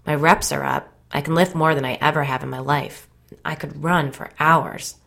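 A woman's voice: low-pitched, fairly even intonation, moderate pace, creaky, fairly bright tone, exaggerated voice. A woman reading an audiobook, voicing a troubled, volatile young man who speaks anxiously and earnestly. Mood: uneasy.

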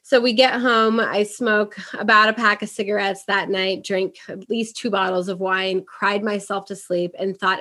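A middle-aged woman from Puerto Rico, a podcast guest, telling her story in a lively, casual way and acting out the voices she quotes. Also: mid-range voice, normal speed, few pauses. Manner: animated, acts out quoted voices.

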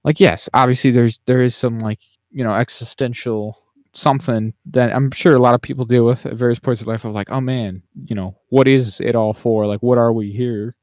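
A man's voice: mid-range voice, fairly even intonation, fairly quick, darkish tone, no room sound. Man musing over a film, dry sound. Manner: meandering, hedging, thinks aloud. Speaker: podcast co-host. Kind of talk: casual movie discussion.

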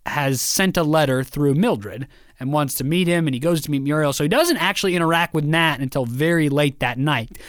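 Man, casual chat, animated, quotes lines in voices, slightly high pitch. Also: brisk, dry recording, clean studio sound. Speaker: podcast co-host discussing a play.

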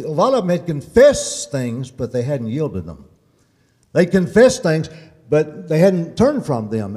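A man preaching a sermon as a pastor, telling stories with animated swings between loud emphasis and hushed tones. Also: on the high side. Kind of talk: sermon storytelling. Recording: long reverb of a large hall.

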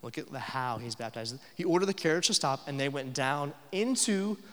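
A man's voice: a little high, expressive, normal speed, fairly bright tone, in a large hall. A young adult man preaching a sermon as pastor, conversational, with filler uh's and rhetorical questions.

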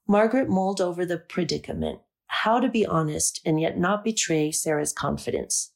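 A woman narrating a story aloud in a calm, measured reading. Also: lowish voice, gravelly. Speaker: audiobook narrator.

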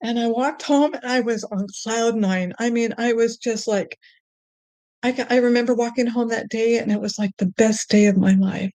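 A middle-aged woman recounts her faith testimony conversationally, stumbling and restarting often, then rising into a high, excited pitch as she speaks of joy. There's no echo on the recording.

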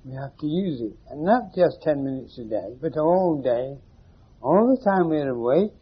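A man's voice: on the high side, lively intonation, normal speed, breathy edge. Wry man on old tape. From England. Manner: wry, teasing, questions the audience directly. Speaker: spiritual teacher. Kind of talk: informal philosophical talk to a group. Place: meeting room with a small audience. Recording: muffled 1980s tape recording.

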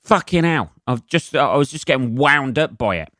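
A man's voice: medium pitch, animated, moderate pace, pushed and bright, no room sound, clean studio sound. A man hosting his own comedy podcast, ranting and swearing his way through a monologue. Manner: sweary, ranting, winds himself up.

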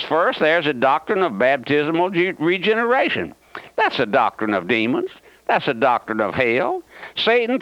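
A man's voice: on the high side, fairly bright tone, dry recording. A man preaching a radio sermon in a folksy, emphatic way, with many fillers and restarts. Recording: dull, dry radio broadcast.

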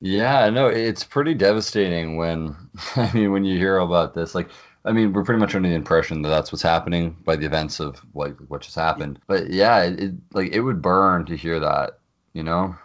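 Deep-voiced man, excitable podcast chat. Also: normal speed, dull audio. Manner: excitable reactions, laughs often, many fillers. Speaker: podcast co-host. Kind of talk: casual chat.

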